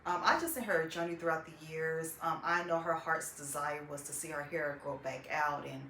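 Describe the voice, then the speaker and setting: A woman giving a heartfelt, halting testimonial about her mother's treatment, holding back tears as she speaks. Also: low-pitched, pushed and bright, a little hiss or hum. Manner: heartfelt, halting, with many "um"s and "I just". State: tearful, holding back emotion. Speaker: client's daughter giving a testimonial. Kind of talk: personal testimonial. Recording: echoey room.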